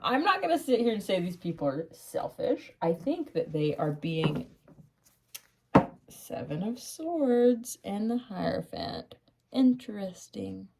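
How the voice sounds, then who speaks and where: A woman giving a casual tarot reading who gets excited, laughs often, swears casually and calls the listener honey. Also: mid-range voice, takes it slowly, gravelly, heavy background noise. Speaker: tarot reader.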